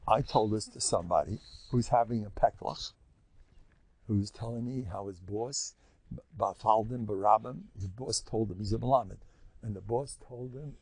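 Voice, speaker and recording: An older man, a rabbi giving a Torah lesson in an animated storytelling way, acting out quotes. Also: on the low side, normal speed, slightly rough, dry recording. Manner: animated storytelling, acts out quotes, mixes in Yiddish and Hebrew. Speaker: rabbi teaching a class.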